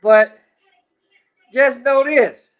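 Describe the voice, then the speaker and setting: Man, very high pitch, profane rant, repetitive, casual commentary. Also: drawn-out words. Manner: repetitive, swearing, filler-heavy.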